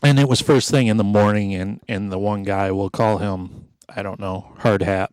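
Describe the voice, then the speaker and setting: A man's voice: fairly low pitch, fairly even intonation, normal speed, a little mellow, clear, resonant tone, no echo. A man co-hosting a casual podcast. He talks wryly and swears a lot, and he reads out research notes. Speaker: podcast co-host.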